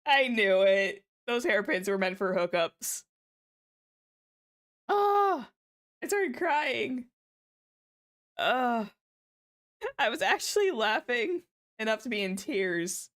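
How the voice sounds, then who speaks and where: A woman's voice: mid-range voice, moderate pace, a bit bright. A woman hosting a casual anime watchalong stream, chatting to her viewers and breaking into giggly, squealing reactions. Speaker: VTuber host of an anime watchalong.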